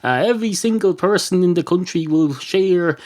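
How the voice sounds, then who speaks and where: A man's voice: high-pitched, normal speed, a little mellow. A man hosting a solo comedy podcast, rambling and correcting himself with many fillers. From Ireland. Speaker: podcast host.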